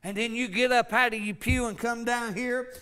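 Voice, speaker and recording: A man preaching a fervent sermon, swinging from loud calls to low asides. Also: fairly even intonation, moderate pace, clear, resonant tone. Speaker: pastor.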